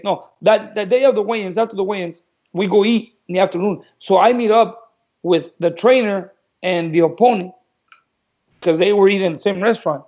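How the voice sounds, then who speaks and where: Male guest, high-pitched, animated storyteller; lo-fi, muffled recording. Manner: animated storyteller acting out dialogue. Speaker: guest telling boxing stories. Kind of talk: casual storytelling.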